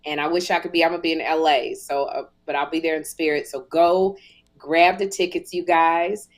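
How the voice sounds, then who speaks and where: Speaking fairly quickly in a low, steady tone, this middle-aged podcast host keeps things casual and comedic. She performs the lines of the people in her funny story as she tells it.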